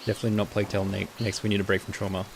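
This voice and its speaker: A man streaming live in casual chat, who talks in a chatty way and answers his viewers with quick asides. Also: lowish voice, gravelly. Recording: steady rain noise behind.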